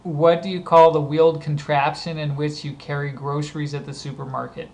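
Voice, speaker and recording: A man's voice: on the high side, level tone, brisk, vocal fry. A man with a Southern Californian accent and a slightly scratchy voice, reading a word list for an accent tag and explaining his usage with example sentences. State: scratchy voice late at night. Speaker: vlogger.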